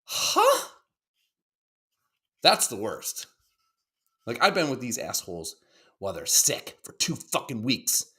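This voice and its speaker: Very animated, with a pushed, bright mid-range voice at a moderate pace, the speaker is a podcast co-host in his thirties. He swears a lot, rambles in casual conversation, and acts out what others said.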